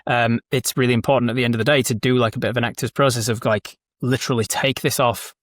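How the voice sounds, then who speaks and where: Fast-talking man, dry close sound. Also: medium pitch, dry recording. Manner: animated, quick and self-correcting. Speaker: guest dungeon master. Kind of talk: casual conversation.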